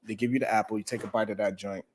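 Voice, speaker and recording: A man hosting a morning talk show, telling a story in a casual, animated way and swearing freely. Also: fairly low pitch, very fast, a little hiss or hum.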